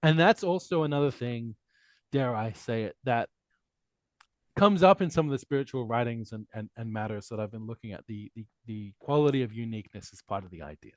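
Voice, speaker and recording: A man from Australia with an accent that blends Australian and American Midwest sounds, talking casually as a guest and telling animated stories with frequent restarts. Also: mid-range voice, a little fast, no room sound, studio quality. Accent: Australian mixed with American Midwest. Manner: animated storytelling with repeated restarts. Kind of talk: casual conversation.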